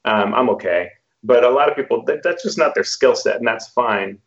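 A man hosting a podcast, giving relaxed advice on running tabletop games. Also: mid-range voice, normal speed, creaky. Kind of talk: podcast discussion. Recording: dull lo-fi sound.

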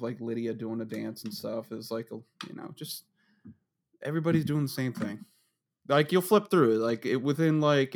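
A man chatting casually on a podcast, rambling and swearing, often laughing as he tells stories. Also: medium pitch. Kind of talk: casual chat.

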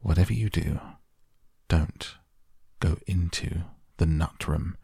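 A man voicing an eccentric, excitable candy-factory owner who talks briskly and impatiently in a storybook reading. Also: low voice, gravelly, slightly rough, no echo, studio quality, exaggerated voice.

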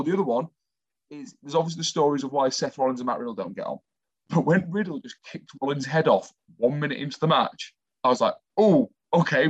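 A man's voice: medium pitch, no echo. A man co-hosting a talk show, telling stories keenly in casual chat. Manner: enthusiastic storyteller, chatty. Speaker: co-host, former athlete. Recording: dry, slightly dull sound.

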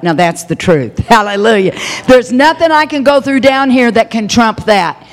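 An older woman pastor preaching a passionate sermon, stretching out key phrases for emphasis. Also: medium pitch. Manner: impassioned, drawn-out emphatic phrases. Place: church sanctuary. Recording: long hall reverb.

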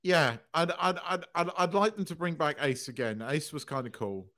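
A man's voice: fairly high pitch, normal speed, fairly bright tone. A man co-hosting a casual podcast, opinionated and swearing as he rants. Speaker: podcast co-host.

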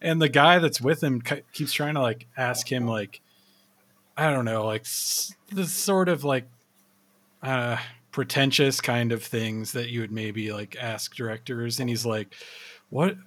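A man's voice: medium pitch, a bit bright. A man hosting a podcast, chatting casually and telling a story with lots of swearing and laughter. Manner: laughing, profane storytelling with quick impressions. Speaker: podcast host.

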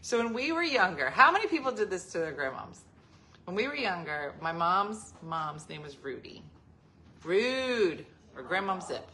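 Woman host, 40s, bright lively delivery, laughing storyteller, faint background noise. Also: fairly low pitch, normal speed. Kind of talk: casual storytelling chat.

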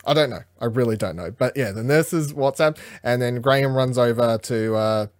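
A man's voice: medium pitch, moderate pace, dry recording, clean studio sound. A man co-hosting a casual episode recap, rambling, swearing freely and acting out the characters' lines. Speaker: podcast co-host.

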